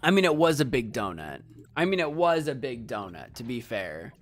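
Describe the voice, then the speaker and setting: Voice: mid-range voice, big pitch swings, normal speed, faint music behind. A streamer giving playful, rambling commentary while playing a video game live and talking to chat.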